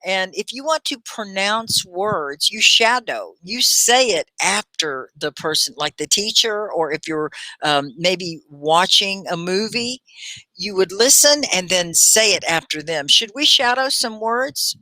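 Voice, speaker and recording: A woman hosting a live English lesson who encourages and praises her learners by name and models words slowly, syllable by syllable. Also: medium pitch, lively intonation, sharp tone, dry recording. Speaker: ESL teacher and live-stream host.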